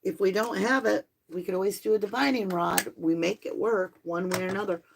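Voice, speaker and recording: A woman chats casually on a live stream into her phone. She talks straight to her viewers, apologizing and narrating as she fiddles with her gear, in a voice of ordinary pitch. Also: fairly even intonation, a little fast, creaky, slight background noise, poor audio. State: out of breath from the stairs. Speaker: host of a live tarot and spirit box stream.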